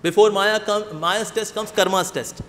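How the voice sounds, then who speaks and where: Brief: high-voiced preacher, lively and joking, in a reverberant hall. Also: male voice, moderate pace. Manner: animated storyteller, playful asides. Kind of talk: sermon.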